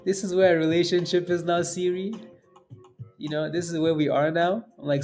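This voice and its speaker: A man's voice: a little high, fairly quick, darkish tone, faint music behind. A man hosting a day-trading livestream in casual chat, joking, laughing often and bantering with viewers and his phone assistant. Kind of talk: casual live-stream chat.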